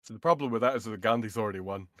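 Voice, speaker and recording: A man's voice: lowish voice, racing, fairly bright tone, no echo, clean studio sound. A man in a casual chat, joking wryly and swearing casually. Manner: wry, jokey, swears casually. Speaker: podcast co-host.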